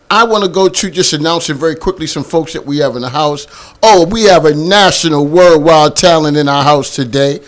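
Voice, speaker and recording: A male host carries a casual talk show with playful banter. His voice sits high and swings widely in pitch as he jokes and laughs with his guests. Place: church basement studio.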